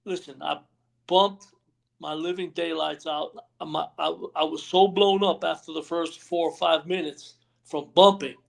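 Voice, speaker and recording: A retired pro wrestler with a gravelly, somewhat high voice is a guest on a storytelling interview over a remote live stream call. He rambles through backstage anecdotes, acting out what others said and repeatedly saying "you know what I mean".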